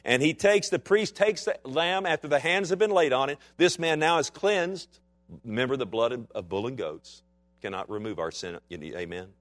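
A man preaching a sermon in a dynamic style, dropping to quiet low asides and rising to loud, slow, emphatic lines. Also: lively intonation. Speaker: pastor.

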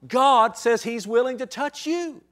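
A man's voice: very high-pitched, measured pace, a bit bright. A man in his thirties preaching a sermon, conversational and building to emphatic points. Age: 30s. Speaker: pastor.

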